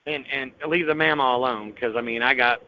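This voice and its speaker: A man's voice: mid-range voice, a little fast. A man with a Southern US accent, co-hosting a casual podcast, teasing and wisecracking at the others. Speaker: podcast co-host. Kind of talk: casual banter. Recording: dull lo-fi sound with faint noise.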